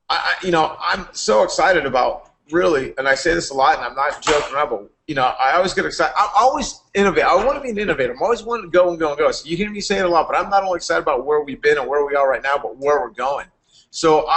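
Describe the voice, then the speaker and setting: A man, a company founder, giving a rambling, energetic motivational talk to members on a live stream. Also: a little high.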